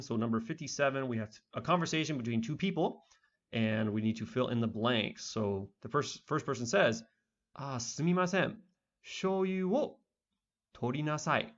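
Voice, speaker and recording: A man teaching a beginner language lesson online in a relaxed, conversational way with lots of fillers. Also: medium pitch, brisk, lo-fi sound.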